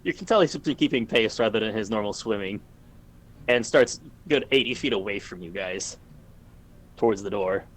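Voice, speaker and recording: A man narrating a tabletop game as game master, calmly describing the action and explaining the rules over voice chat. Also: lowish voice, normal speed.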